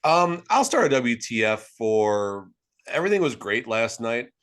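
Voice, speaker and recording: Very animated, with a mid-range and a bit bright voice, a co-host of a sports podcast from Las Vegas keeps a measured pace. His talk is casual, conversational, rambling, and full of jokes.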